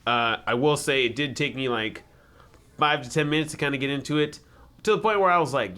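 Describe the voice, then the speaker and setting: A man co-hosting a laid-back movie podcast, his voice bright and forward at a middle pitch. He rambles through his thoughts and pokes fun at himself between friends. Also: clear, resonant tone. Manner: rambling, self-deprecating, quick asides. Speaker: podcast co-host. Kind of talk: casual chat.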